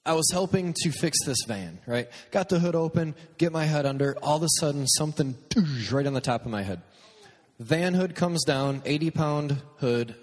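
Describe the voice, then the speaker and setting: A man's voice: fairly high pitch, big-room sound. A man hosting a podcast, giving a message through humorous, self-deprecating personal stories and acting out what people said. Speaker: youth speaker and podcast host. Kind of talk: storytelling sermon.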